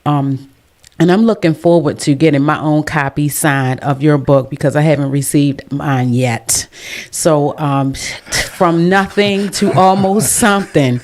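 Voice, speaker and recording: A woman's voice: sits low, steady tone, measured pace, a little mellow. A woman hosting a podcast who talks in an emotional, effusive way with churchy phrasing. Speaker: podcast host. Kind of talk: casual chat.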